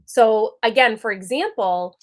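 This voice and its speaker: A woman's voice: fairly high pitch, measured pace. A woman in her thirties giving an earnest, conversational spiritual teaching talk. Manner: earnest, conversational, checks in with "right?".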